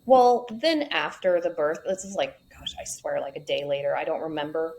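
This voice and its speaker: A woman's voice: low-pitched, normal speed, vocal fry, a little mellow, a little hiss or hum, low-quality recording. A woman tells her story frankly in a conversational interview. She mixes plain facts with wry asides. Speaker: podcast guest.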